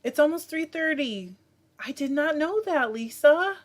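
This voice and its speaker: Reading viewer comments on her casual livestream, a woman from Michigan chats with lots of fillers. She speaks a little slowly in a high, expressive voice.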